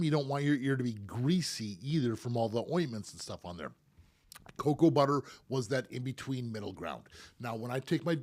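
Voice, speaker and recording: A middle-aged man, a professional piercer, hosting a live stream and answering viewer questions in a friendly, rambling way. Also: mid-range voice. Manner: friendly, rambling advice with repeated words. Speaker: professional piercer and show host.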